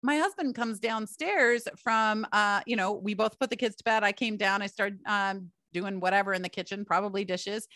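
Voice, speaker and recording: A woman's voice: medium pitch, normal speed, few pauses, pushed and bright, no room sound, clean studio sound. A middle-aged woman hosting a solo podcast, telling personal stories in a chatty way and calling her listeners "you guys". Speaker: podcast host.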